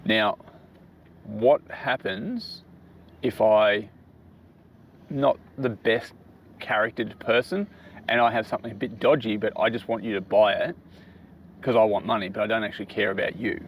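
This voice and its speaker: A man's voice: lowish voice, steady tone, normal speed, pauses often, slight background noise. A middle-aged man casually giving business advice to his daughter, explaining step by step and often asking "right?" to check she follows.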